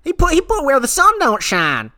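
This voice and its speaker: A man voicing a rowdy backwoods country radio DJ with a twangy drawl and rambling, rapid gossip. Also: extremely high pitch, huge pitch swings, bright, forceful tone, voice pushed up, heavily acted. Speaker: podcast co-host.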